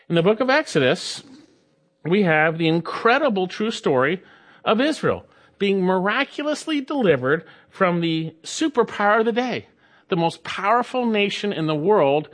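A man's voice: on the high side, a bit bright. A man preaching a sermon, earnest and emphatic, building up to stressed points and mimicking complainers. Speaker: pastor.

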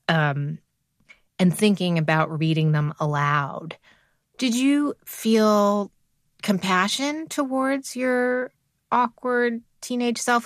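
A woman host asks measured, thoughtful questions in a dry, close studio sound. Her pitch sits in the middle range. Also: dry recording. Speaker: interviewer. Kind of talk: radio interview.

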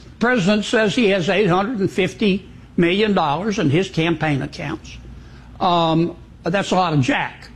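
A man speaking as a senator in a political interview, folksy and hesitant, with a husky voice. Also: high voice, measured pace.

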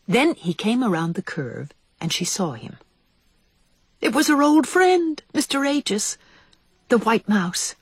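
A woman narrating a children's storybook aloud, expressive and hushed in tense parts. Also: fairly high pitch, unhurried, breathy edge, no echo. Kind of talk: storybook reading.

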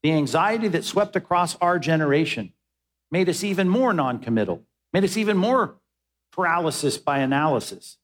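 Emphatic preacher with a higher voice. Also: male voice, animated, moderate pace. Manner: emphatic, repeats words when pressing a point. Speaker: pastor. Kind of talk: sermon.

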